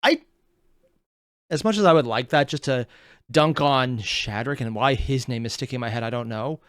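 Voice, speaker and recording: A man hosting a reaction channel, rambling casually and thinking out loud as he comments. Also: medium pitch, normal speed, dry recording, clean studio sound. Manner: rambling, thinks aloud with restarts.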